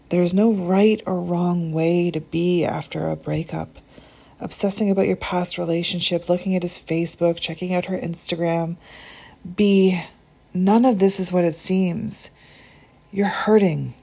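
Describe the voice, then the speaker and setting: A woman narrates a short story in a calm, measured manner. Her voice sits low and carries a gravelly, husky texture. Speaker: audiobook narrator. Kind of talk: reading a short story aloud.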